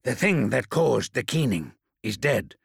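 Guy doing a gruff savage warrior voice, guttural snarl, slow and dry. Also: mid-range voice, sing-song, no echo, full character voice. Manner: snarling, growled commands. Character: savage growling male warrior, fierce.

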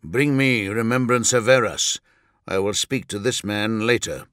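A grave, compassionate male warrior-lord, as a male narrator voices him, solemn in every word. The voice is low and unhurried. The recording is dry and close to the mic. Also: fairly bright tone, no room sound.

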